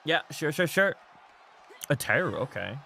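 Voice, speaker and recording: Lively high-voiced male streamer. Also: a little slow, gravelly, a faint crowd, a little hiss or hum. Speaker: streamer hosting a wrestling game show. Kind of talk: casual live-stream chat.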